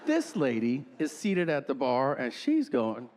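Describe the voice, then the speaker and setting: A man's voice: medium pitch, wildly swooping pitch, unhurried, a little mellow, long reverb tail, slight background noise. A man doing stand-up comedy, telling profane, exaggerated stories on stage.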